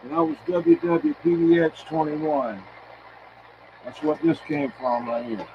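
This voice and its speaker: A man chats over a CB link, dropping radio lingo as he goes. His voice is on the higher side. It comes through thin and tinny, with a faint hiss behind it. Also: lively intonation, unhurried, gravelly. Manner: chatty, uses radio jargon. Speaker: CB radio operator. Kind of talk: casual on-air radio chat.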